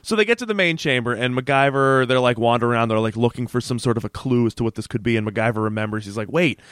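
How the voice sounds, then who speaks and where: A man at a middle pitch casually walks through a TV episode's plot, slipping into quoted lines as he goes. His voice is close and dry, with no room sound around it. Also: racing, clean tone, dry recording. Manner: animated retelling with quoted voices and laughs. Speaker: podcast co-host. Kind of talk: casual chat recapping a TV episode.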